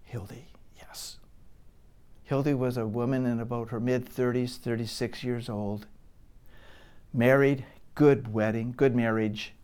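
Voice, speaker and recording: Male pastor, middle-aged, sermon delivery, dynamic, loud peaks and hushed asides. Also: mid-range voice. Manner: dynamic preaching, swings from loud emphasis to hushed whispers.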